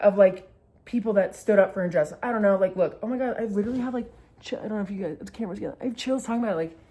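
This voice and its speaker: A woman's voice: medium pitch, dark tone. Chatty young woman telling a story. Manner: chatty, profane, heavy use of "like". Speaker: vlogger. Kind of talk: casual storytelling.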